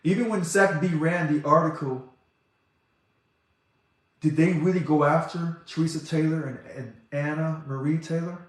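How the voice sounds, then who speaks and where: Passionate man in a very echoey room. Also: on the high side. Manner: passionate, talks fast and loud when excited. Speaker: organization president. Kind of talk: impassioned monologue.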